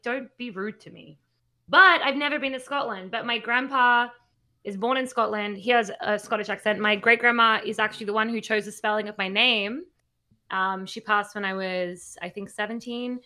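A woman, chatting casually and telling stories. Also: mid-range voice. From Australia. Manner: chatty, animated storytelling. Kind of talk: casual chat.

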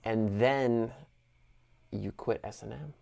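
Man, middle-aged host, relaxed, conversational, easygoing chat. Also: fairly low pitch, slow pace, vocal fry. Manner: relaxed, conversational, casual swearing. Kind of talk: casual chat.

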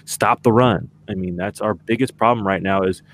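A man with a lowish voice and moderate pace co-hosts a sports podcast. He chats casually, ranting in exasperation and relying on many fillers.

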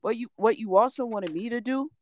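A woman's voice: a little high, brisk, a little mellow. A woman content creator speaking indignantly and emphatically in a casual chat, with frequent swearing.

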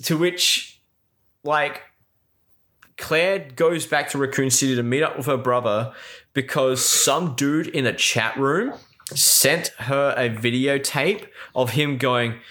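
A man's voice: mid-range voice, takes it slowly, sharp tone. Exasperated man ranting about a movie. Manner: exasperated, profane, full of filler likes. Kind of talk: casual movie recap rant.

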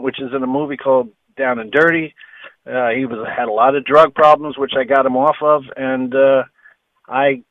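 A man, a guitarist guest on an interview, telling stories and acting out quoted dialogue with lively energy. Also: fairly high pitch, no echo, narrow, tinny audio. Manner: animated storyteller who acts out quoted dialogue. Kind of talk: storytelling interview.

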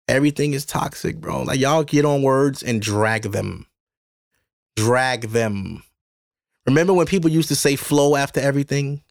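A man's voice: mid-range voice, moderate pace, vocal fry, dry recording, clean studio sound. A man from Brooklyn with a New York accent, hosting a podcast in a rambling, profane, exasperated monologue. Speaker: podcast host. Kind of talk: casual ranting monologue.

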